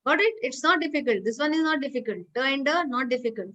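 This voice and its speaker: A woman's voice: sits high, lively intonation, quick pace, fairly bright tone, lo-fi sound. A woman teaching pronunciation over a video call, explaining rules patiently and quizzing students by name. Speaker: English teacher. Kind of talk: online class teaching.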